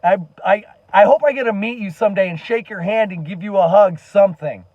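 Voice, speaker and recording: A man's voice: sits high, fairly quick, no echo, phone-quality sound. A man giving an earnest, impassioned monologue to camera as a commentary vlogger, emphatic and swearing now and then.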